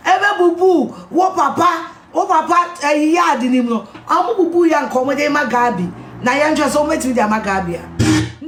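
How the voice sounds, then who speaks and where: A Ghanaian woman with a Twi-speaking accent, ranting angrily at a political figure, shouting insults and repeating herself. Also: high-pitched, reverberant. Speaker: political commentator. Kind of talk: angry rant.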